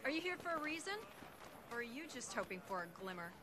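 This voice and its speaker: An actress playing a self-assured young female nuclear scientist who speaks briskly and coolly. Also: on the high side, big pitch swings. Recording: film clip with clear background noise.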